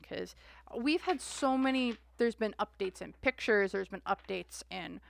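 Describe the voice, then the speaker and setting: A woman's voice: medium pitch, normal speed, gravelly, slight background noise. A woman doing a live-stream tarot reading, musing aloud with many restarts and fillers. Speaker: tarot reader.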